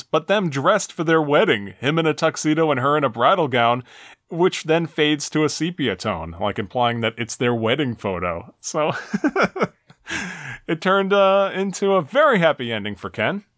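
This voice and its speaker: A man in easy conversation, his pitch rising and falling a lot as he recounts scenes and reads quotes in a wry way. The sound is close and dry, with no room around it. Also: a bit bright, dry recording. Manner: reads game text aloud with dry wry delivery. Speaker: podcast co-host. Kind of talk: casual retro game discussion.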